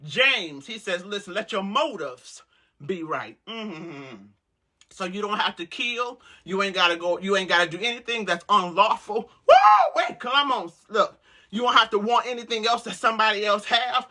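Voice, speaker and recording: A woman host preaching to women with loud, exuberant energy, breaking into whoops and repeated calls to listen. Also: medium pitch, normal speed, a little hiss or hum.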